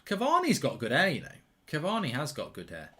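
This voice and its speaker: Bright-voiced man on a live watchalong. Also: on the high side, brisk. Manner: excitable, reacts loudly to chances, reads out viewer questions. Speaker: host of a live football watchalong. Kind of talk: live match commentary and chat with viewers.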